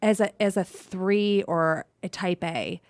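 A woman's voice: medium pitch, takes it slowly, dry recording, studio quality. A woman co-hosting and interviewing on a podcast in casual chat, upbeat and encouraging, laughing often.

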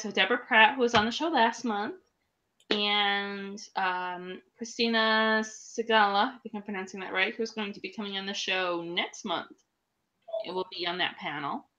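A woman's voice: mid-range voice, fairly even intonation, normal speed, bright, forceful tone, muffled recording. A woman co-hosting a casual chat show, fighting a cold and telling stories in a playful, chatty way. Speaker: podcast co-host.

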